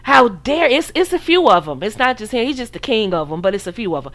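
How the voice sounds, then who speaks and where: A woman's voice: fairly high pitch, big pitch swings, quick pace, few pauses. A woman from the United States hosting a podcast, giving casual dating advice in a preachy, sassy way and acting out her listeners' voices. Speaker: podcast host.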